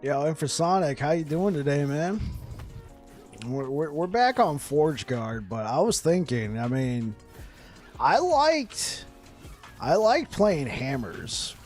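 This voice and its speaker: A man's voice: a little high, slow pace, faint music behind. Laid-back, chatty male streamer. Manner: excitable storyteller, laughs often, repeats words. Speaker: game streamer. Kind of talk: casual live-stream chat with viewers.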